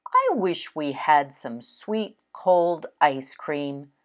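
A kindly, calm male frog from a storybook, as a woman reader puts him on. His gentle lines come slow, with a lively rise and fall of pitch. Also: exaggerated voice.

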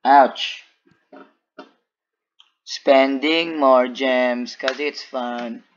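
A man's voice: mid-range voice, steady tone, drawn-out words, muffled recording. A man giving casual commentary on a game over a group call, playful and teasing, laughing often. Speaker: gameplay commentator.

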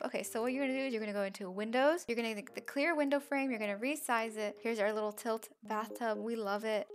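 Chatty woman with a bright, high voice. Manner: chatty, upbeat, giggly. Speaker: game builder vlogger. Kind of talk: casual game commentary.

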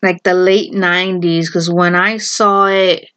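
A woman's voice: fairly low pitch, steady tone, measured pace, fairly bright tone. A woman casually retelling a half-remembered movie, rambling and hesitant, full of fillers and restarts. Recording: dull lo-fi home recording.

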